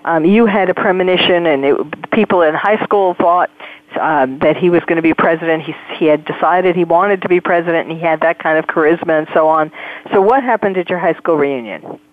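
Lower-voiced woman hosting a radio show. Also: a little fast, dry recording, narrow, tinny audio. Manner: conversational, gently prompting. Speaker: radio talk show host. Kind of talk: radio interview.

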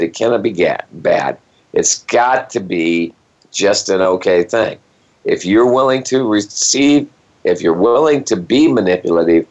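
Man with a low voice, radio co-host, joking and explaining at length, dull lo-fi sound. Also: a little mellow. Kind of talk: casual talk radio chat.

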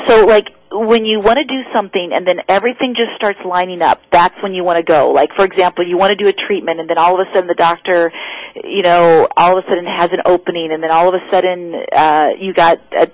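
A woman's voice: on the low side, fast talker, no echo, rough recording. A woman co-hosting a casual chat, telling stories with enthusiasm. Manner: enthusiastic, animated storytelling. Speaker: co-host.

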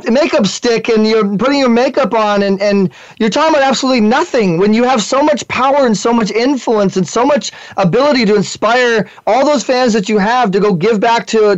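A man hosting a podcast interview, talking in an animated way with lots of stammered restarts and repeated words. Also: very high-pitched. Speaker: podcast host. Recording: dull lo-fi audio, dry.

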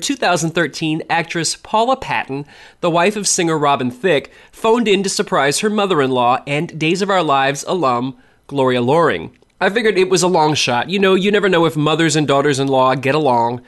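A man hosting a show, narrating in a measured, explanatory way. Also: on the high side, lively intonation, a bit bright. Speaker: host. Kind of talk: scripted narration.

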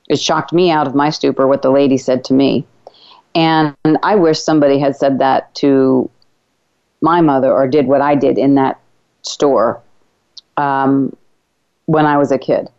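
Female talk radio host: deep, smooth voice, earnest and reflective storytelling, slightly muffled recording. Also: a little mellow. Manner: earnest, reflective, with halting restarts. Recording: slightly dull lo-fi radio audio.

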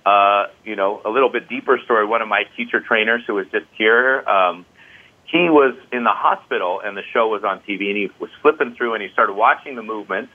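An enthusiastic male qigong teacher speaks as an interview guest, filling his talk with "you know". His voice sits a little low. The sound is narrow and tinny, like a phone call. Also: brisk.

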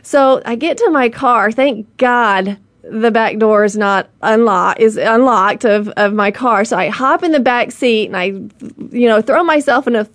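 A woman's voice: on the high side, unhurried, no echo. Chatty host woman, dry close sound. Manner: rambling and candid, full of "you know" and restarts. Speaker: show host. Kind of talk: personal storytelling monologue to an audience.

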